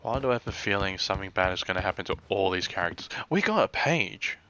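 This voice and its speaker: A man casually commenting while playing a game, relaxed and chatty. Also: low-pitched, quick pace. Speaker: let's play host. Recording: dull mic with faint noise.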